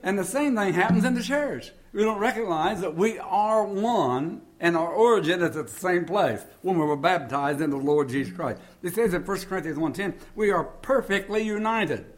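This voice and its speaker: A man's voice: sits high, moderate pace, hardly any pauses. An older man preaching a sermon in a folksy way, mixing scripture with jokes and homespun stories. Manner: folksy, joking storyteller.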